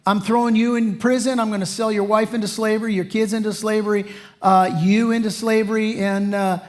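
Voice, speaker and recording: A man's voice: high-pitched, level tone, brisk, natural voice. A man preaching acts out a stern male king who speaks in a blunt, casual and threatening way.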